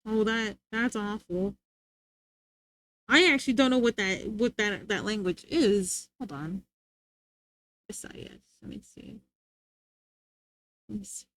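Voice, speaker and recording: A woman's voice: mid-range voice, slow, long pauses, fairly bright tone, dry recording. A young woman livestreamer chatting casually with her viewers, rambling and often giggling.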